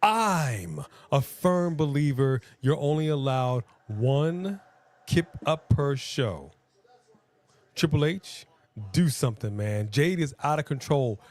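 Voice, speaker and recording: A man's voice: medium pitch, big pitch swings, slow pace, darkish tone. A man co-hosting a live wrestling watch-along, chatting casually and joking around. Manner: joking, playful, jumps into silly voices. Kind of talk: casual live-stream chat.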